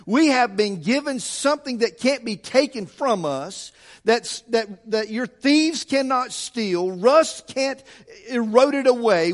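A man's voice: extremely high pitch, animated, a little slow. A man preaching a sermon in a church, building his points through fervent repetition. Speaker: pastor. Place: church sanctuary.

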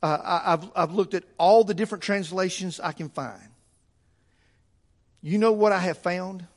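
High-voiced fervent preacher man. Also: normal speed. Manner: fervent, repetitive preaching with rising emphasis. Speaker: pastor. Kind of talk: sermon. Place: church sanctuary.

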